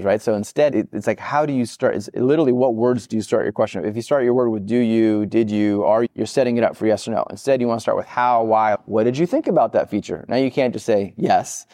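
A man being interviewed on a podcast, explaining in an energetic, conversational way. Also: dry recording, studio quality. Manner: energetic, acts out quoted people in higher voices. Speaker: podcast guest, product expert.

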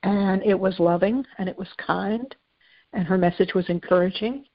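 A woman's voice: medium pitch, normal speed, no echo, highs cut off. A woman hosting a spiritual talk show, talking conversationally with many fillers and restarts. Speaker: host.

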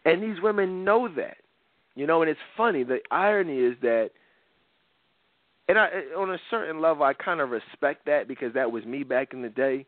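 With a high-leaning voice, lively intonation and a moderate pace, a podcast host in his thirties airs blunt views on his talk show, rambling and filling gaps with "you know." It's a dry recording with a phone-like narrowness.

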